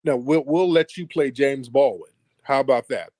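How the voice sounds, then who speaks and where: A man's voice: medium pitch, moderate pace, a little mellow, no echo. A man hosting a combative livestream call-in, taunting and mocking his callers. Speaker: livestream host.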